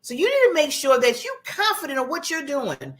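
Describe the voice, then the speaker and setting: A woman hosting her own talk show, giving a motivational talk in a conversational, animated way and acting out contrasting voices. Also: high voice, fairly quick. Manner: conversational, laughs at herself.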